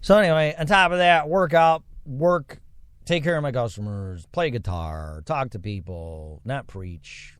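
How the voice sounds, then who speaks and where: A man's voice: medium pitch, expressive, unhurried, clear, resonant tone, no echo. A man hosting a solo podcast, talking in a rambling, reflective way with religious touches. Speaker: podcast host. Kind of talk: solo casual monologue.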